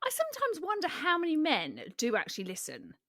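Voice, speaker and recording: Bright, lively woman cracking cheeky jokes. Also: high voice, brisk, dry recording, studio quality. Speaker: podcast co-host. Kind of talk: casual chat.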